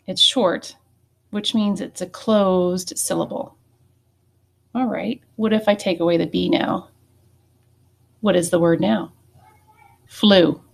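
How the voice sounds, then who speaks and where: A woman leads a phonics lesson at an unhurried pace. She pauses to check in with her students often, and her voice has a gravelly fry. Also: mid-range voice. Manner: patient, checking in with frequent "okay?" and "right?". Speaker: teacher.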